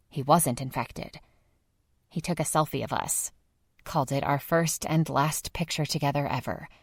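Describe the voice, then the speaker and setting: A woman narrates an audiobook at a steady, even pace. Her voice is low with a gravelly edge. The recording is dry and close. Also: dry recording. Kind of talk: scripted narration.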